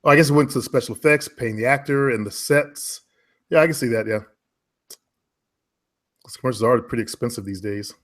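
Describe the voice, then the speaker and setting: A man coaching a client in online marketing over a casual call from home, relaxed and rambling, often correcting himself. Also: mid-range voice, a little fast, pauses often.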